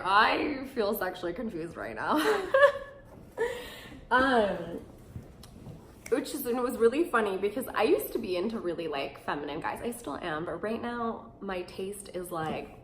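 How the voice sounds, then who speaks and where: Young woman vlogger, candid and animated, swears freely, mid-pitched, roomy echo with faint noise. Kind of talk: casual chat to camera.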